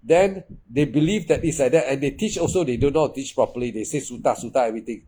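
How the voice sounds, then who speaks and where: A man's voice: mid-range voice, fast talker, dark tone, breathy edge, rough recording. A male meditation teacher, giving a dharma talk in an emphatic, repetitive manner with broken grammar. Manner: repetitive, emphatic, with non-native English grammar.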